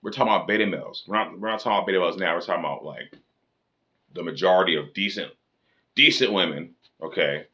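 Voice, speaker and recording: Deep-voiced man ranting bluntly. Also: fast talker, sharp tone, lo-fi sound. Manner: blunt, profane, lecturing. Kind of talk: casual rant to camera.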